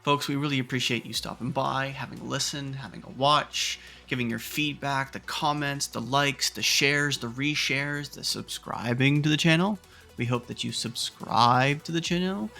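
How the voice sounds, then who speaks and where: A man's voice: mid-range voice, normal speed, gravelly, sharp tone, faint music behind. A man hosting a podcast, giving earnest, emphatic motivational advice in a casual tone and swearing now and then. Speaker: podcast host and coach.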